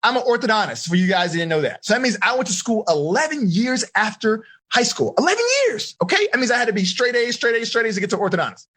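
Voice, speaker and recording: Lively, husky-voiced man coaching teens. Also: high-pitched, fast, hardly any pauses. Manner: energetic, slangy, talks straight to the kids. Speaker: life coach. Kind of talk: live online coaching seminar for teens.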